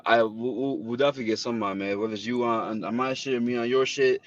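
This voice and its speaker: A man's voice: mid-range voice, steady tone, quick pace, no room sound. A man chatting as a guest on a live stream, laid-back and swearing casually. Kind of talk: casual chat. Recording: dull audio with faint noise.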